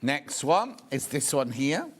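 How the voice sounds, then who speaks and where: A man's voice: mid-range voice, sing-song, takes it slowly. A man in his sixties presenting a live shopping show, chatting and bantering with viewers while he shows products. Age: 60s.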